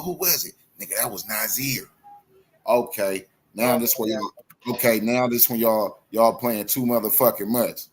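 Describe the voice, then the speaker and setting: A man's voice: medium pitch, slightly rough. A man hosting a live online show, ranting in heated casual commentary, profane and repetitive.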